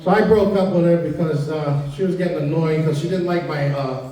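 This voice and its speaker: Male stand-up comic, slightly high, mellow voice, deadpan delivery, roomy sound from a distance. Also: a little fast. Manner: deadpan storytelling, acting out quoted dialogue. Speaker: stand-up comedian. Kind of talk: stand-up comedy routine. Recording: echoey room, mic at a distance. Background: audience laughter.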